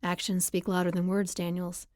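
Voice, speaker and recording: A confident young hockey player with an easy, teasing way of talking, voiced by a woman. His lines sit a little lower than the narration, recorded close and dry for an audiobook. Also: monotone, normal speed, a little mellow, no echo, lightly acted.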